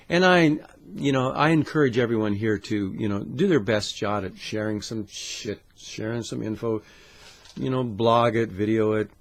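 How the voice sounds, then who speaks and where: A man hosting his own channel, ranting to camera with constant swearing, jumping between loud outbursts and muttered asides. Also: lowish voice, vocal fry. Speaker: channel host. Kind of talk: profane conspiracy rant to camera.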